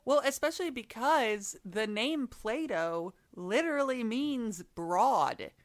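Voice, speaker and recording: A woman's voice: a little high, animated, takes it slowly. A woman co-hosting a podcast, telling history in a playful, jokey way and laughing often. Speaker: podcast co-host. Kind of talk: casual history chat.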